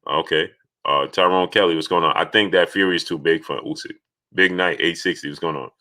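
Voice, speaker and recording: Deep-voiced guy on a live stream, bright punchy tone, shouts out viewers one by one, gets loud when he argues. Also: a little fast. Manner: reads out viewer names and greets each one; grows loud and insistent when arguing. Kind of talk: casual live stream chat.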